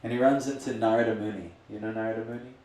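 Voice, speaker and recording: A man's voice: lowish voice, fairly even intonation, racing, darkish tone, a little hiss or hum. A man giving a casual, rambling storytelling talk as a spiritual teacher. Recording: echoey room from a distant mic.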